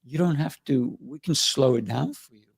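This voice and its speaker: A man's voice: medium pitch, normal speed, vocal fry, slightly rough, no room sound, studio quality. A man hosting an interview, chatting casually and telling stories with little asides. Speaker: host.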